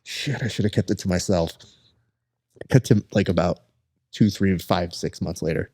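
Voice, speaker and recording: A young adult man hosting a podcast, chatting casually and telling lively stories, acting out the people he quotes. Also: deep voice, normal speed. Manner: animated storyteller who acts out quoted people. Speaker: podcast host. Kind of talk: casual chat.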